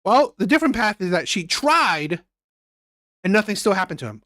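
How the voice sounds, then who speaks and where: A blunt male reaction host who talks in emphatic bursts and keeps repeating himself. His pitch swings widely between points. The sound is close and dry, with no room in it. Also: big pitch swings, normal speed, sharp tone, no echo. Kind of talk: reaction commentary.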